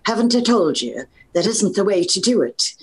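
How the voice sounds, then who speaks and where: A woman's voice: mid-range voice, big pitch swings, moderate pace, a little hiss or hum, natural voice, rough recording. A woman putting on an Irish brogue to voice a stern older countrywoman scolding a girl. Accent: Irish brogue, put on.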